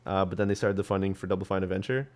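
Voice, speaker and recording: A man's voice: low voice, very fast, darkish tone. A young man hosting a podcast, chatting casually about gaming news with lots of ums and restarts. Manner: rambling, full of ums and restarts. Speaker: podcast host.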